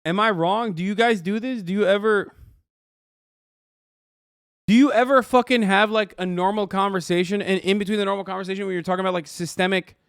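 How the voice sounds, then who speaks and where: A man's voice: high-pitched, steady tone, fairly quick, fairly bright tone, clear, resonant tone, no room sound, studio quality. A male streamer doing reaction commentary, talking in a profane, incredulous and mocking way. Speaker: streamer host.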